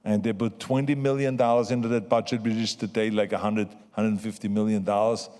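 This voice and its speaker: A man's voice: lowish voice, little pitch movement, a little fast, darkish tone. A man in his seventies with a foreign accent giving an emphatic motivational acceptance speech, repeating his key phrases. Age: 70s. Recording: long hall reverb.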